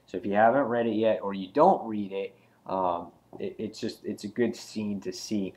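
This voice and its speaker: A man's voice: fairly low pitch, steady tone, moderate pace, a little mellow. A man giving a casual spoken comic book review, rambling with frequent ums and restarts.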